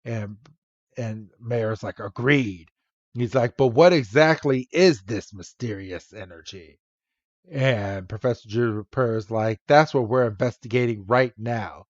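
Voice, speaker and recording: A man's voice: mid-range voice, measured pace, no echo. Podcast guy recapping scenes, wry and chatty, kinda muffled dry mic. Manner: animated and wry, laughing at his own rants. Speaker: podcast co-host. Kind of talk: casual episode recap.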